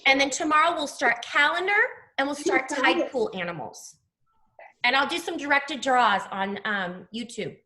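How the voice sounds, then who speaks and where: A woman teaching young children in an online class, talking slowly and patiently, spelling out sounds. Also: sits high, animated, bright, forceful tone.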